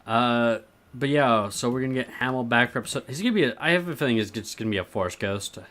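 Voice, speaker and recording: A man's voice: mid-range voice, quick pace, fairly bright tone. Laid-back man co-hosting a podcast. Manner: laid-back, agreeable, sarcastic asides. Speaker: podcast co-host. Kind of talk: casual chat.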